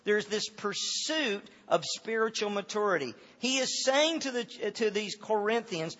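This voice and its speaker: A man preaching a sermon as a pastor, earnest and full of halting restarts. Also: high voice, expressive, fairly bright tone. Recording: long hall reverb, dull lo-fi sound.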